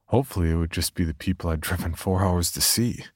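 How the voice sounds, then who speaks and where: A man narrating a first-person horror story in a measured, tense way. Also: deep voice, darkish tone. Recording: faint music underneath.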